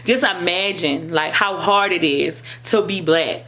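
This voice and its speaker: A woman's voice: fairly low pitch, unhurried. A young woman with an African American English accent, giving impassioned personal commentary as a vlogger, emphatic and repetitive. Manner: emphatic, repetitive, rising to near-shouting.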